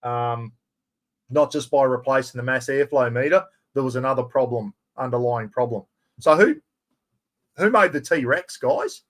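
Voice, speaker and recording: A middle-aged Australian man hosting a live giveaway stream, chatty and excitable, full of blokey slang. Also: medium pitch, moderate pace. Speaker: livestream host.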